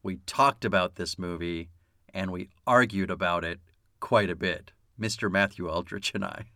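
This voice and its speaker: A man's voice: sits low, moderate pace, bright, forceful tone, no echo, studio quality. A man hosting a casual movie podcast, laughing often and joking with his co-host.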